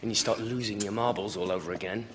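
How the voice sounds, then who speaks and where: A man's voice: lowish voice, steady tone, fast talker, noisy background, close to an everyday voice. An actor playing an anxious young male doctor who pleads and then rants in exasperation. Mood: ranting. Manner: exasperated, swings from pleading to ranting. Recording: roomy reverb.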